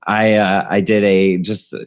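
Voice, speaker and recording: A man's voice: lowish voice, level tone, a little slow, clear, resonant tone, dry recording. A man hosting a podcast, chatting casually about comedy, rambling with many restarts and laughing between lines. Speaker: podcast host.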